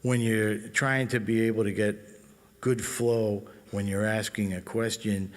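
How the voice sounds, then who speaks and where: A middle-aged bandleader talks through jazz phrasing in a loose, chatty way, now and then scatting a rhythm aloud. His voice sits fairly low for a man, and it rings out in a long hall reverb. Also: level tone, measured pace. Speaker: bandleader and guitar teacher. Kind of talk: explaining music in a clinic.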